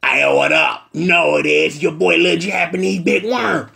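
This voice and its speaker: A man's voice: fairly high pitch, steady tone, normal speed, vocal fry, sharp tone, heavily acted. A man doing a swaggering gangster villain. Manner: swaggering, threatening street slang. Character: blustering small-time male gangster villain.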